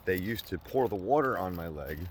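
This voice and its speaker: A man quoting a confused, rambling old man who stammers and trails off, in his own low voice. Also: animated, fairly quick, slight background noise.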